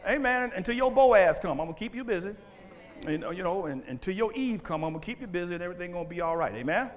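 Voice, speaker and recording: A male pastor preaching a sermon in church on a mic, animated and full of call-and-response questions. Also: high voice, quick pace, in a large hall. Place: church sanctuary. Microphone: handheld or stand mic.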